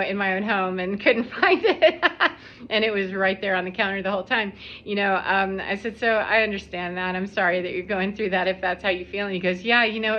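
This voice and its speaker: A woman's voice: mid-range voice, bright, forceful tone. A woman talking casually to camera about spiritual life and her encounters with people, rambling and reflective, laughing often as she goes. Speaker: spiritual vlogger. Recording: slightly dull lo-fi audio.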